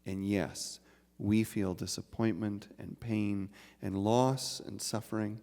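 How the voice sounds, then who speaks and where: A man giving a sermon at a spiritual center, measured and reflective, telling a folk tale. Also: lowish voice, flat delivery, vocal fry, dark tone. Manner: slow, measured, reflective delivery. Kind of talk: sermon with storytelling. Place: large hall of a spiritual center. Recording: live talk with long hall reverb.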